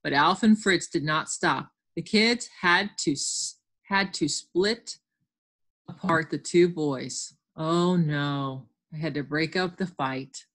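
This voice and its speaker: A woman's voice: low voice, slow pace, fairly bright tone. A woman teacher leading a reading lesson for children over a computer microphone, patient and explanatory.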